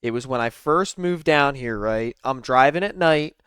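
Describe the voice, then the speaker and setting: Male host, smooth resonant voice, dry close sound, chatty and profane storyteller. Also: mid-range voice, normal speed, no echo. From Philadelphia area. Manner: profane, animated anecdote-telling. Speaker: channel host commenting on clips. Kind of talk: casual storytelling commentary.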